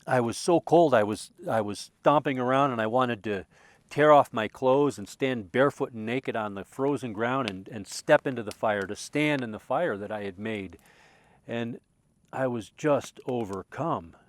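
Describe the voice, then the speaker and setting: This man, a spiritual speaker, recounts a personal story with reflection and heartfelt emotion. He swings between loud, impassioned memory and soft, hushed moments, frequently restarting by repeating words, all in a medium-pitched voice at normal speed with no room sound.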